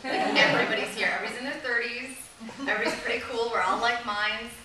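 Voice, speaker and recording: A woman's voice: on the high side, fairly even intonation, fast talker, crowd noise. A woman in her thirties from Chicago doing a rambling, chatty stand-up set, full of "like". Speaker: stand-up comedian. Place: comedy festival stage. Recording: echoey live room, far mic, audience noise.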